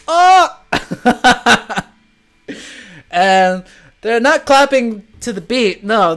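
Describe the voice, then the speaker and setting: Animated man chatting on a livestream. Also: fairly high pitch, smooth. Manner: animated, laughs often, jokey. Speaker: livestream host and swim teacher. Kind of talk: casual livestream chat reading comments.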